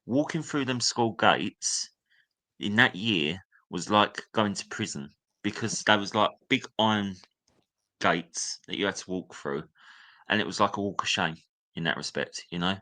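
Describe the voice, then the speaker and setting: A young male guest candidly relives his school days through personal stories, sometimes imitating a teacher's sneering voice. He speaks unhurriedly in a lowish voice with lively intonation and a sharp tone.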